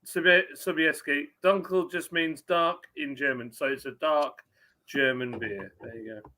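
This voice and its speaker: A chatty man hosts a casual live stream. His voice is bright and forward, sitting a little high for a man. He reads out viewer names and chats loosely. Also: measured pace.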